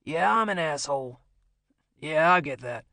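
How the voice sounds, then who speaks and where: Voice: medium pitch, expressive, measured pace, vocal fry, bright, forceful tone, no echo, exaggerated voice. A narrator playing a brash, crude ex-soldier. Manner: swaggering, crude, drawling. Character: cocky ex-soldier man, crude and reckless.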